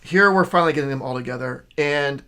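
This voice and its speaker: A man's voice: on the high side, fast, pushed and bright, clean tone. A man casually reviewing a stack of new comic books, rambling and enthusiastic, with lots of fillers and restarts. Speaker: comic shop video host.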